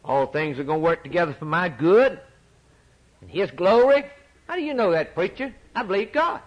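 A man preaching a sermon, repeating phrases for emphasis and swinging from loud declarations to near-whispers. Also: sits high, animated, normal speed, highs cut off. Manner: dramatic swings from loud to hushed, repetitive emphasis.

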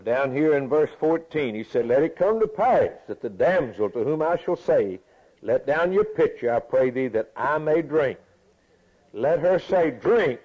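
A man preaching a sermon, reading scripture aloud and explaining it in a folksy way, repeating his phrases for emphasis. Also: mid-range voice. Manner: folksy, repeats phrases, chuckles between points. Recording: dull lo-fi recording.

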